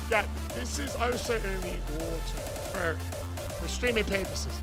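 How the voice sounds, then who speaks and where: A man streaming a game live, loudly toasting and thanking his chat with shouted cheers. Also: sits high, unhurried, over music. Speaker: gaming streamer.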